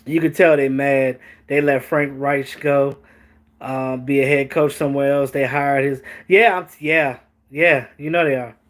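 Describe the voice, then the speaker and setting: A man hosting a casual sports talk stream, animated, joking and swearing as he reacts to chat. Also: mid-range voice, a little slow. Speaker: host.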